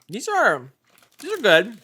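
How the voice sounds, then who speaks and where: A man co-hosting a casual food-tasting podcast, jokey and animated, with loud bursts of excitement. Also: very high-pitched, slightly rough. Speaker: podcast co-host.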